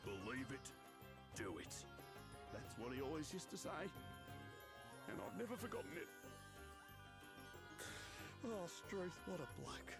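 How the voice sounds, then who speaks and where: A cocky Australian treasure hunter whose voice swings up and down with lively energy. He talks big and sentimental, full of slang, and loud game music plays underneath. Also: mid-range voice, measured pace, pauses often. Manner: boastful, cheery slang-filled talk.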